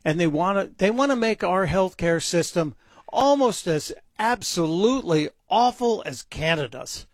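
A man with a fairly high voice holds forth as a talk radio host, his commentary sarcastic and mocking. The recording is dry, close on the mic. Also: lively intonation, measured pace, no room sound. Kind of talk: opinion talk radio monologue.

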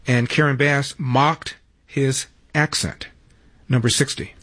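A man's voice: mid-range voice, takes it slowly, fairly bright tone, no echo. A man hosting a talk radio show, delivering brash, wisecracking commentary.

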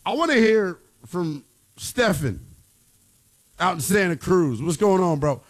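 A young man hosting a sports talk radio show, playful and animated, often laughing. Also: high voice, a little slow. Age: young adult.

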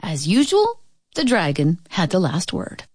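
A woman reading a picture book aloud in an expressive, playful way. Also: fairly low pitch, unhurried, no echo. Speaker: storybook reader.

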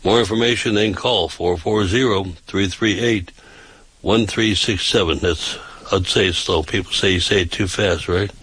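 A low, husky male voice, recorded close and dry with no room sound. He hosts a loose, chatty talk show, reading news items and tossing in his own remarks. He hesitates often with filler sounds and restarts sentences. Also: a bit bright, no echo, low-quality recording. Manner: halting, with frequent uh fillers and restarts. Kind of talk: casual talk, reading news aloud with asides.

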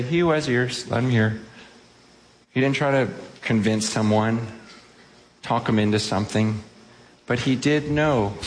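A man's voice: fairly low pitch, a little hiss or hum. A man preaching a sermon to a congregation, impassioned, acting out quoted speech and repeating phrases. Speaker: pastor. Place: church hall with a congregation.

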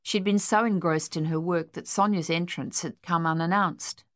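A woman narrating a novel in a measured, steady way. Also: on the low side, no echo, studio quality. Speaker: audiobook narrator. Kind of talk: scripted narration.

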